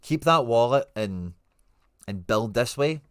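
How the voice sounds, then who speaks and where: A man's voice: medium pitch, lively intonation, slow, smooth, dry recording, clean studio sound. A man with a Scottish accent hosting a casual livestream, reading out viewer comments and answering them in informal, friendly slang. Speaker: livestream host.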